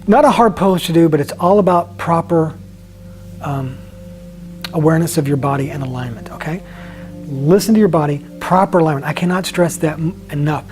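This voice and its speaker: Calm male yoga instructor, slightly high. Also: soft background music. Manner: calm, slow guiding cues with soft drops in volume. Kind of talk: guided yoga class instruction.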